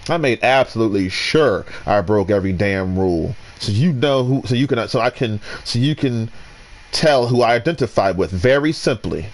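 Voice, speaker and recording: Ranting male gamer, very animated. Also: mid-range voice, moderate pace. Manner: ranting, many restarts, swings from loud to muttering. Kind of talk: gameplay commentary rant.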